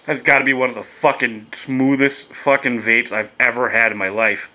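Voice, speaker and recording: A man's voice: medium pitch, fairly even intonation, moderate pace, pushed and bright, slight background noise. A laid-back man chatting casually and swearing as he reviews vape gear in a vlog, coughing now and then.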